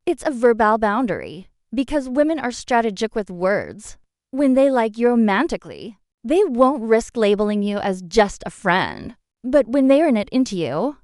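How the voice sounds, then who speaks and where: A woman's voice: fairly high pitch, no room sound, studio quality. A woman giving scripted narration, addressing the listener directly with blunt advice and rhetorical questions. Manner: direct second-person advice.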